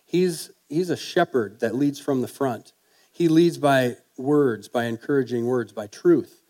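Male preacher, folksy, chatty sermon delivery, asks the room questions, average pitch. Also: unhurried, dark tone. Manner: folksy, conversational, with fillers and rhetorical questions.

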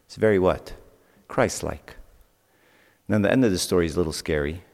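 A man's voice: deep voice, lively intonation, moderate pace, pauses often, a little mellow. Man preaching in an echoey hall. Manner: conversational storytelling, asks the audience questions. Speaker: youth speaker. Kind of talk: sermon.

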